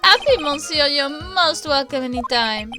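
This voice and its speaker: A woman voicing a flamboyant male French chef with a put-on French accent, speaking theatrically over loud game music. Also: sits high, lively intonation, measured pace, pitched above the performer's own voice. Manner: theatrical, gushing.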